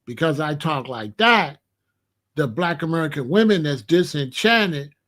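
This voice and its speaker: This male commentary host hails from Chicago and tells stories in an opinionated monologue, using lively street slang. His voice is slightly high and his delivery a little slow.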